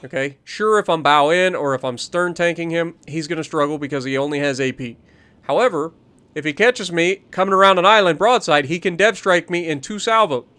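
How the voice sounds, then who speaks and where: A man's voice: a little high, fairly quick, bright, forceful tone, smooth. A man giving explanatory, coaching commentary over a recorded naval game match as the host of a gaming channel. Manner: explanatory, coaching, repeats key points.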